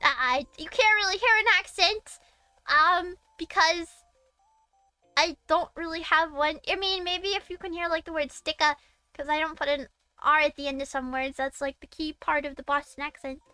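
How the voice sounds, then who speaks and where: A young woman from Massachusetts chats casually on her live stream in a high, sharp, bright voice, rambling and giggling, with plenty of "um" and false starts. The sound is dry and close, with soft music playing faintly behind her. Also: moderate pace, no room sound. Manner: rambling and giggly, with many fillers and restarts. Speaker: VTuber streamer.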